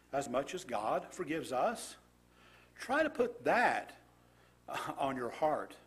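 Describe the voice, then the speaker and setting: A male preacher giving a sermon, his voice somewhat husky and a little high for a man. He reads scripture aloud and pauses to put questions to his listeners, with a widely moving pitch.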